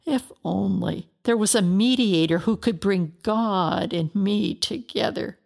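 A woman reading the part of a broken, grieving man in a storybook, slow and anguished in his pleading. A gravelly fry roughens the voice. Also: mid-range voice, a little mellow.

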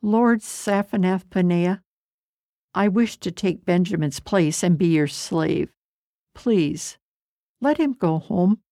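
A woman voicing Judah, a grown man earnestly pleading for his youngest brother, in a slow storybook reading. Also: fairly low pitch, dark tone, no echo, clean studio sound.

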